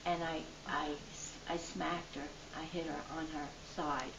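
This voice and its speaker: Older woman with a gravelly voice, heard from afar. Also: low voice, unhurried. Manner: earnest, lively retelling. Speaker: interviewee. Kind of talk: personal storytelling. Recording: distant, dull, noisy, roomy.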